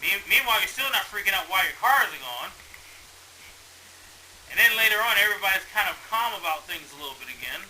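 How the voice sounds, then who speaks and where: A man with a high, very bright voice rambles through a profane movie review, jumping around the plot with animated energy. A faint hiss sits under the recording. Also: a little fast, low-quality recording. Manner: rambling, animated storytelling with lots of swearing. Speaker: movie review show host.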